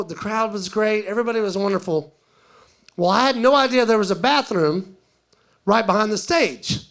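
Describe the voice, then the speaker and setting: A male stand-up comedian telling a story live, chatty and animated, acting out the dialogue. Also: sits high.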